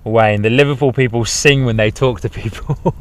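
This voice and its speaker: A man's voice: medium pitch, smooth. A man hosting a live plane-spotting stream outdoors, giving casual running commentary and reading out chat messages in a friendly, upbeat way. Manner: chatty, reads out chat messages, upbeat asides. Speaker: plane spotting livestream host. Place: outdoors at an airport.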